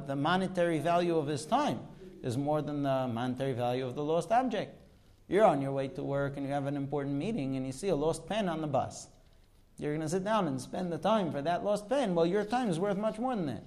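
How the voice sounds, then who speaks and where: A man's voice: a little high, a little mellow. A man teaching a Talmud class, explaining texts and asking rhetorical questions. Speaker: religious teacher.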